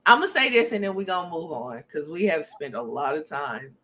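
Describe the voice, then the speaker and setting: A woman's voice: low voice, expressive, brisk, pushed and bright. A woman hosting a casual podcast, speaking frankly with many ums and frequent laughter. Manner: chatty, frank, laughs often, filler ums. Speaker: podcast host. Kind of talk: casual chat.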